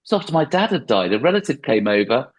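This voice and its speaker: A middle-aged man talks as a podcast guest, rambling and mocking himself. His voice is slightly husky. His pitch swings widely as he goes. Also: quick pace, rough recording. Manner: rambling, self-deprecating, animated. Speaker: comedian guest. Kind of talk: podcast interview.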